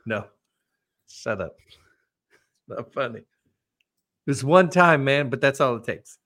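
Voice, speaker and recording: A man's voice: mid-range voice, animated, slow pace, fairly bright tone. A man hosting a podcast, talking earnestly and personally in casual faith talk. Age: adult with children. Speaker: podcast host.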